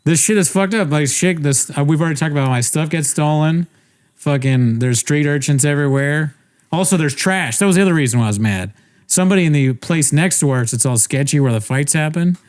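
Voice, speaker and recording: A man's voice: fairly high pitch, fairly quick, a little mellow. A young man on a podcast telling a rambling story in casual chat, interrupting himself and laughing often. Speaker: podcast co-host.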